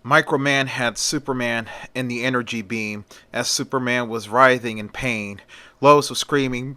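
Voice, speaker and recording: A man's voice: mid-range voice, steady tone, normal speed, bright, forceful tone, a little hiss or hum. A man casually retelling a superhero story in a plain, conversational way.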